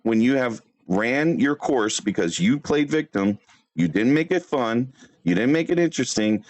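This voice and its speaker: A man's voice: mid-range voice, lively intonation. Guy ranting on his stream, cussing people out, voice swings up and down a lot. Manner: brash trash-talking, swearing, fast bursts. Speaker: livestream host. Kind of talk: livestream roast rant.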